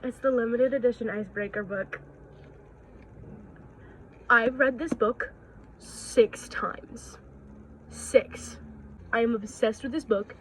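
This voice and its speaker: Young female vlogger, excitable and gushy, slightly high voice, home phone recording. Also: slight background noise, poor audio. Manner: gushing, excitable, swears casually. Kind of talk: casual vlog chat. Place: at home indoors. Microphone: phone camera.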